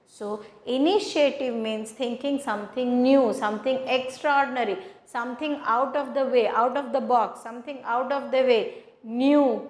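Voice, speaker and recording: A woman teaches a lesson and asks over and over whether the class understands. Her voice sits a little high, and the room gives it a clear echo. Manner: repetitive, asks rhetorical check-in questions. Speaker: commerce teacher. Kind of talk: classroom lecture.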